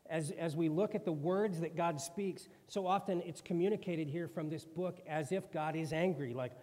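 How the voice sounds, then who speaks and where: A man's voice: a little high, normal speed, dark tone. Man preaching in a reverberant hall. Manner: conversational, acts out quoted voices. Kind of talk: sermon.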